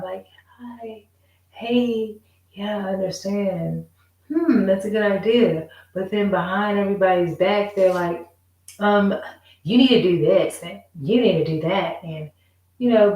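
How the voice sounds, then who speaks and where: A woman's voice: medium pitch, a little mellow, reverberant, distant mic, low-quality recording. A woman in a casual, rambling monologue, emphatic and repeating herself as she vents. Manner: rambling, emphatic, repeats "you know what I'm saying". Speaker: vlogger.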